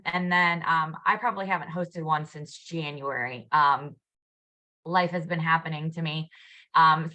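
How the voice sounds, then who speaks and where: A woman talks through a team video call in a loose, chatty way, her speech full of ums and you-knows. Her voice has a bright, forceful edge. It sounds like ordinary video-call audio. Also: lowish voice, rough recording.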